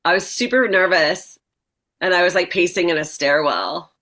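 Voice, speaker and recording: A woman in her forties with a fairly low voice talks loosely as an interview guest. She is a comedian who laughs easily and swears without a second thought. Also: moderate pace, bright, forceful tone. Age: 40s. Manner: chatty, laughing, swears freely. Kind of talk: casual interview chat.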